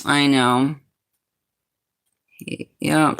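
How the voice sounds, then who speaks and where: A woman from New England with a low, sultry voice chats casually on a livestream. She is sassy and answers her chat's comments directly. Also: steady tone, unhurried, a bit bright. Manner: sassy, talks back to chat comments. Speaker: livestream host.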